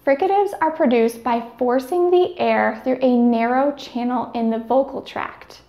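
A woman's voice: a little high, measured pace, warm tone, reverberant. A woman giving scripted speech therapy instruction, carefully demonstrating each sound.

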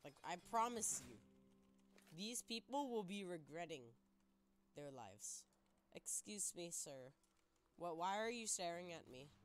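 Excitable young gamer with a lively voice. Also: female voice, fairly low pitch, slow, pauses often, faint music behind. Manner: excitable, exclaims and narrates play to viewers. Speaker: gaming YouTuber. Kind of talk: gameplay commentary.

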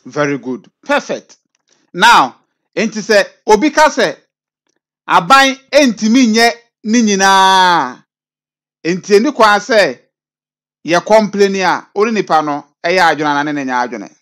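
A man's voice: high voice, animated, a little slow, fairly bright tone. A man hosting a casual online video chat, asking his co-host leading questions.

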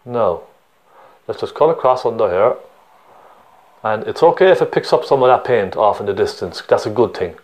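A man's voice: lowish voice, expressive, moderate pace, pauses often, a little mellow. Chatty man with a Cork accent. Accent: Cork Irish. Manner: chatty, encouraging, checks in with the viewer. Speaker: painting teacher. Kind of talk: step-by-step painting tutorial.

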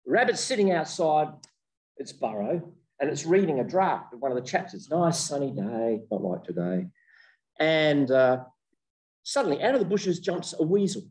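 An older man giving a humorous keynote lecture as a professor, an animated storyteller who jokes as he goes. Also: fairly high pitch, moderate pace, far from the mic, poor audio. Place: lecture room with online audience.

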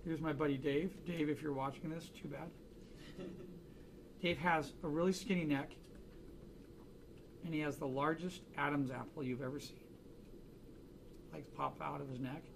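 Man, art instructor, fairly high voice, joking anecdotes, faint background hiss. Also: fairly even intonation, moderate pace, gravelly, long pauses. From United States. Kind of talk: casual classroom demo. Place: classroom with students.

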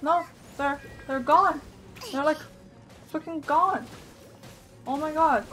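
A woman's voice: high voice, slow pace, long pauses, faint music behind. Woman streamer narrating her gameplay. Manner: thinks aloud, gets loud and excited when things go wrong. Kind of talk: live gameplay commentary.

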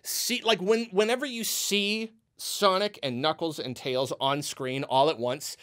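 A man's voice: fairly high pitch, a little slow. A man ranting in a movie review, exasperated and rambling, with many restarts. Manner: acts out quoted reactions in an animated way.

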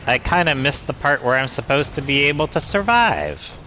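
A man's voice: medium pitch, expressive, normal speed, pushed and bright, slight background noise. A man giving casual gameplay commentary, frustrated and swearing as he talks to the game. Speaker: let's play gamer. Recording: game music playing behind.

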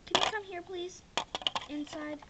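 A woman's voice: very high voice, steady tone, measured pace, heavy background noise. A girl voicing a toy pet friend in a homemade skit, eager and chatty.

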